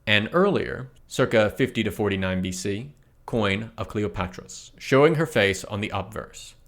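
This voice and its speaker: A man reading a history blog post aloud in a measured way, reading out its notes and image descriptions too. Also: lowish voice, lively intonation, a bit bright. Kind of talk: read-aloud narration of an essay with notes.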